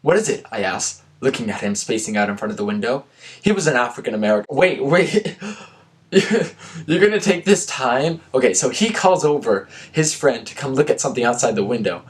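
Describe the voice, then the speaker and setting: A man's voice: mid-range voice, very animated, brisk. A young man with an ordinary mid-range voice reads his old story aloud. He keeps stopping to poke fun at his own writing in a dry, sarcastic tone. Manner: self-mocking, sarcastic asides. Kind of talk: reading aloud with joking commentary.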